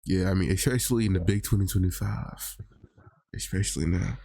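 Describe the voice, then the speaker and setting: A man's voice: low voice, a little fast, creaky, warm tone, no echo, studio quality. Laid-back man hosting a chat. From Georgia. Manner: rambling, many "like" and "I mean" fillers. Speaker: podcast host. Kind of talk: casual chat. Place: virtual reality chat room.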